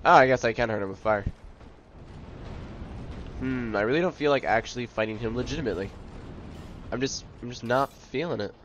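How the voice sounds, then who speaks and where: A man's voice: medium pitch, a little fast, pauses often, fairly bright tone, lo-fi sound, a little hiss or hum. A young man giving live commentary on a video game, exclaiming and joking about his own failures. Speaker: video game let's player.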